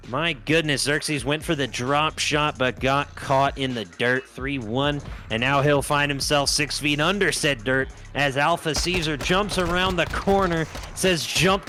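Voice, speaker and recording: Bright, jokey male esports caster. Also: mid-range voice. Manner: jokey, punning, laughs often. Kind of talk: play-by-play commentary.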